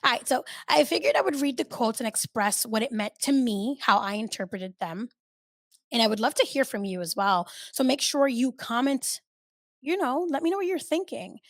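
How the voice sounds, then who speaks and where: A woman hosting her own podcast, talking in a candid, chatty way that swings between loud and soft and swears freely. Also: a little high, lively intonation, normal speed, no room sound, studio quality. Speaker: podcast host. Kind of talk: casual solo podcast chat.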